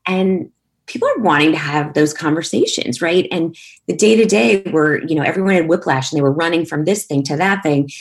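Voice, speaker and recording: A woman's voice: sits low, a little fast, slightly rough. A middle-aged woman, a management consultant, talking casually as a podcast guest and often saying "you know" and "right". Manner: conversational, peppers talk with "you know" and "right". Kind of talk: casual interview chat.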